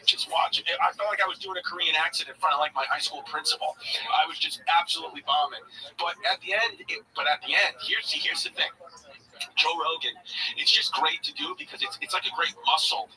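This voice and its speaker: A man telling a candid, animated story about his own experiences in casual talk. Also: a little high, distant mic, low-quality recording.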